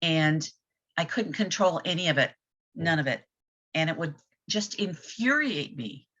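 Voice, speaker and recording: Woman, candid, reflective, very low pitch, dull lo-fi recording. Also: animated, a little slow, a bit bright. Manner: candid, reflective, plain-spoken. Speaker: group discussion participant. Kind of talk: casual group chat. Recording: dull lo-fi audio.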